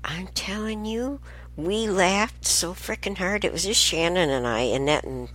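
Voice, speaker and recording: A woman's voice: on the low side, a little slow, a bit bright. An older woman telling family stories in a casual, rambling way, often laughing and getting sidetracked.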